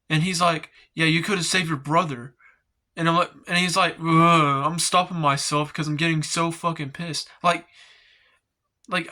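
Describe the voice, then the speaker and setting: Slow, rambling man with a sharp, bright voice. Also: on the high side. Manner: rambling, heavy filler words, frequent swearing; exasperated, ranting. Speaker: movie reviewer. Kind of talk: casual spoken film review.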